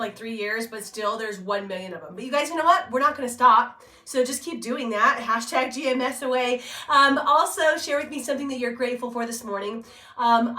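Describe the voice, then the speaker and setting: Upbeat woman host, hoarse sick voice, bright tone, echoey room, chatty with fillers. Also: on the high side. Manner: chatty, upbeat, laughs often, many fillers. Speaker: host of a daily live morning video. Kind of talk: casual motivational live stream.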